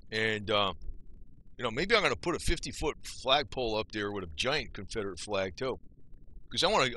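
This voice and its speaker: With a medium-pitched, bright and forceful voice, an older vlogger from Northeast New Jersey rants loosely at the camera. He's folksy and rambling, swears mildly, and keeps asking "you know?"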